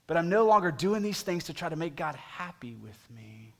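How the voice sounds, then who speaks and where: A man preaching a sermon, pleading with the congregation, moving from booming emphasis to hushed appeals. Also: big pitch swings, moderate pace, gravelly, few pauses. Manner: talks to the congregation directly with questions. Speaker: pastor.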